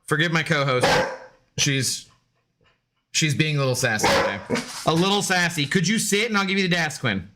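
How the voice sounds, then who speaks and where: A man's voice: on the high side, normal speed, pauses often, very noisy. A man streaming a game in casual, rambling chat, joking with his dog and greeting viewers.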